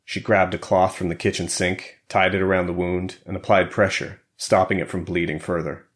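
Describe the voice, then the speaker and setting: Deep-voiced male audiobook narrator. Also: flat delivery, normal speed. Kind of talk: scripted narration.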